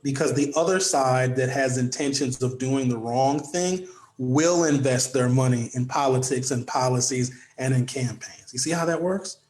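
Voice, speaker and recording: A man's voice: mid-range voice, normal speed, darkish tone, echoey room. A man hosting his own political talk show, delivering an impassioned, preachy monologue with sarcastic asides.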